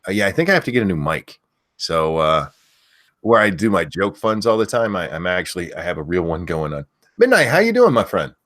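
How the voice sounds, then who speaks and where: Lively low-voiced man yelling names. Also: brisk. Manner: loudly yells out viewers' names, then drops back to quiet chatter; loose, swears casually. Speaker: livestream host. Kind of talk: casual livestream chat.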